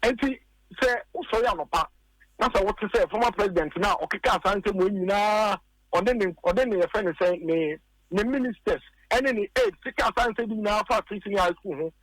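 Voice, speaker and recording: A high-pitched Ghanaian man talking politics on a radio show, argumentative and insistent, circling back to repeat his points. The sound is dry and close, with no room around it. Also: a little fast, a bit bright, dry recording, rough recording. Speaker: political commentator.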